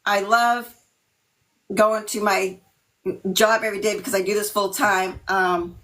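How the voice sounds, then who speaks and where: A middle-aged woman from Massachusetts, talking about herself in a video call interview, nervous and emotional, with many ums and pauses. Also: mid-range voice, level tone, a bit bright, poor audio. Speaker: team member.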